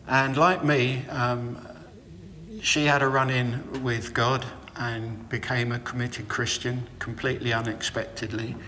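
A middle-aged man giving a reflective, sermon-style talk, telling personal stories about faith in a measured way. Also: mid-range voice, flat delivery, pushed and bright, long reverb tail.

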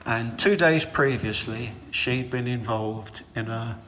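Slow, reflective middle-aged man preaching. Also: medium pitch, fairly bright tone, long reverb tail, slight background noise. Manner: reflective, measured, anecdotal. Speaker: speaker giving a talk. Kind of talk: sermon-style storytelling.

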